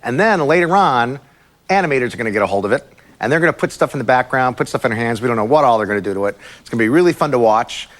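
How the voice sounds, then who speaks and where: A man's voice: medium pitch, lively intonation, very fast, fairly bright tone. A man hosting an improv comedy show to a live audience, chatty and loose with filler sounds. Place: large green-screen soundstage with a live audience. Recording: live studio audience and background noise.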